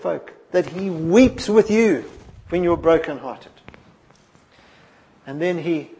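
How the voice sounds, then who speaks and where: High-voiced man preaching with dramatic swings. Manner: expressive storytelling, dropping soft then rising emphatic. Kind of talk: sermon.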